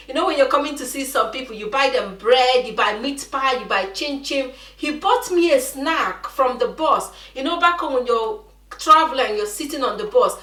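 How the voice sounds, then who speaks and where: A woman's voice: a little high, bright, forceful tone. A woman from Nigeria with a Nigerian accent, chatting animatedly to viewers while cooking and telling a story. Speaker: vlogger. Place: home kitchen. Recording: echoey room, mic at a distance.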